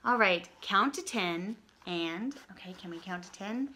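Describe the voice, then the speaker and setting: A woman leading a toddler story time, reading an interactive book aloud and singing simple songs while coaxing the children to join in. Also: medium pitch. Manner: bright, slow and animated, singing and coaxing small children. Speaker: children's librarian.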